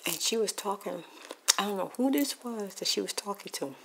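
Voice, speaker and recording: Close to the mic and eating popcorn, a woman tells a rambling, gossipy neighbor story as a whispered ASMR storytime, shifting between whispers and soft speech. Her mid-range voice is creaky with lively intonation at normal speed, and there's background noise.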